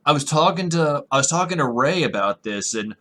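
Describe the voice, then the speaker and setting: A middle-aged man hosting a casual podcast chat, animated and full of fillers. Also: a little high, brisk. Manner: animated, laughing, uses many fillers. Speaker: podcast host.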